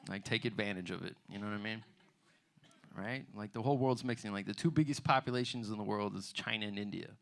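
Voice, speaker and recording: A man's voice: fairly low pitch, fast, gravelly. A man performing a stand-up comedy set in a loose, conversational way, often asking "you know what I mean". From United States. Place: theater bar stage.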